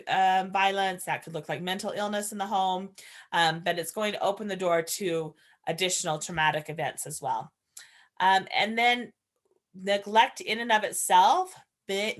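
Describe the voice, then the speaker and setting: Low-voiced woman teaching a training class. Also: fairly bright tone. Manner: earnest, explanatory, shares personal stories. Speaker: foster parent trainer. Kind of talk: conversational training lecture.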